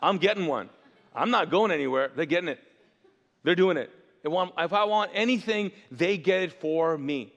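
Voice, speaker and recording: Guy doing a cocky roman centurion bragging, slangy, highish voice, big church echo. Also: moderate pace, a bit bright, dull audio. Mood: boastful. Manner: bragging, casual modern slang. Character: boastful male Roman centurion, brash. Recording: long church reverb.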